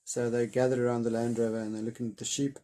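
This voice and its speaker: A man reading a chapter of a children's novel aloud, then retelling it in a loose, hesitant way with many pauses. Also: medium pitch, flat delivery, warm tone.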